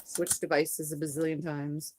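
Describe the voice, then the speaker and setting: A hoarse woman chatting casually on a livestream from her sewing room, rambling and greeting viewers as she reads out their comments. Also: sits low, flat delivery, measured pace, a little mellow, slight background noise. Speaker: live streamer.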